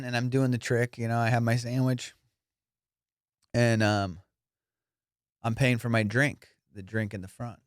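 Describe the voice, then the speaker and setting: A young man with a middle-pitched voice tells casual stories as a comedy podcast host, swearing freely and animated throughout. His voice is recorded close and dry, with no room sound at all. He pops into high, excited voices when he acts out what he and others said. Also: clear, resonant tone, no echo. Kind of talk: casual storytelling.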